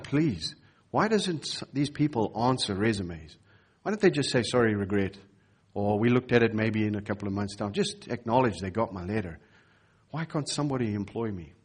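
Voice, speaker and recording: A pastor preaches from the pulpit, weaving a personal story into his sermon and acting out the other people's lines. His voice sits on the low side and carries a husky edge. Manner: storytelling, acts out quoted voices.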